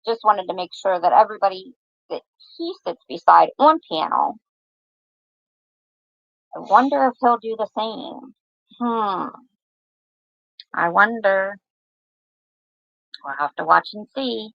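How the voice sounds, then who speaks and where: A woman's voice: mid-range voice, expressive, takes it slowly, creaky, long pauses, dry recording, dull audio. A woman hosting a livestream, chatting casually and teasing her viewers. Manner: chatty and teasing, talks to chat. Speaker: livestream host.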